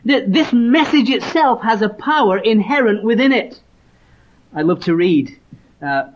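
Male preacher, fairly high voice, earnest storyteller, lo-fi sermon tape. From Leeds, northern England. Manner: earnest storytelling, reads scripture aloud. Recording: dull lo-fi recording.

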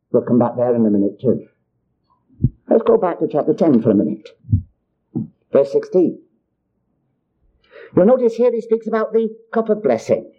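High-voiced older preacher, lo-fi. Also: male voice. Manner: earnest, repetitive, addresses listeners as child of God. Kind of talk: sermon. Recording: dull lo-fi recording.

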